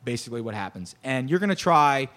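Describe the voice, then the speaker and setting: A man's voice: medium pitch, sing-song, fast, fairly bright tone. A male show host in casual chat, joking and teasing in a boisterous way. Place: studio.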